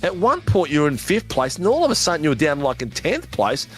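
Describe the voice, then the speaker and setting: A man's voice: fairly high pitch, huge pitch swings, a little fast, a bit bright. Australian man, race broadcast host, matey banter, light music underneath. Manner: jokey, laughing, matey banter. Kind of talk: post-race interviews.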